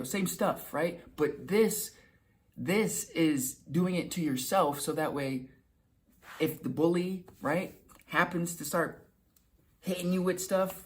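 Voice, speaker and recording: A young man giving casual motivational advice to camera, talking loosely and acting out little quoted exchanges. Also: sits high. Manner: conversational, repeats himself, acts out quick quoted lines. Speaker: self-help video host.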